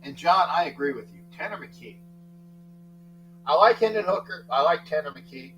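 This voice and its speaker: A middle-aged man hosting a casual sports talk livestream, rambling, thanking chatters by name and breaking into sudden loud outbursts. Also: fairly high pitch, moderate pace, dull audio, soft background music. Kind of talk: casual live chat with viewers.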